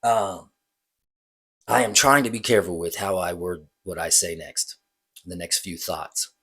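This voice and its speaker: A man's voice: deep voice, measured pace, fairly bright tone, breathy edge. A man who works as a bartender, casually telling a story in a rambling, hesitant way and correcting himself.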